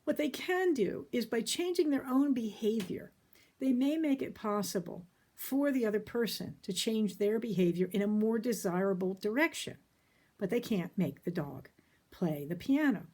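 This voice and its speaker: A middle-aged woman therapist talks through a point in a casual, folksy way. Her voice sits a little high and swings widely in pitch. She is emphatic and laughs easily. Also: expressive, normal speed, dark tone. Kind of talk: casual talk about therapy.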